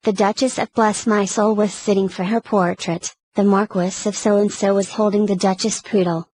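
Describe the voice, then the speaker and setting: A woman reading a classic story aloud as an audiobook narrator, steady and even through long lists. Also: mid-range voice, low-quality recording.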